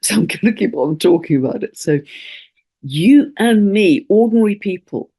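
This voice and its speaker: A woman astrologer rambles through an unscripted monologue in an earnest, heartfelt way. She restarts her sentences often and sounds moved by what she says. Her voice sits at a middle pitch. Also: animated, moderate pace, dark tone, husky. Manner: emotional, stirred up. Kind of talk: casual spoken monologue.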